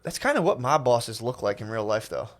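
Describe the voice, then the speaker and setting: Fast-talking rambling podcast co-host. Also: male voice, mid-range voice, sing-song. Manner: quick, rambling, swears casually. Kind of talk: casual chat.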